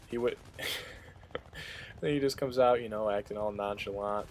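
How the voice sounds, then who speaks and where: A man's voice: on the low side, steady tone, fairly quick, slight background noise. A young man giving casual, rambling commentary over gameplay, with many fillers and restarts as he tells a story.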